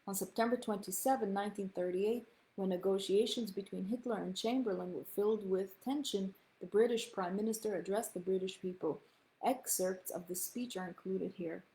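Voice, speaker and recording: A woman's voice: mid-range voice, mellow, low-quality recording. Woman reading a family memoir aloud. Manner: storytelling reading, pausing to explain Yiddish and Hebrew terms. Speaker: reader of her grandfather's memoir.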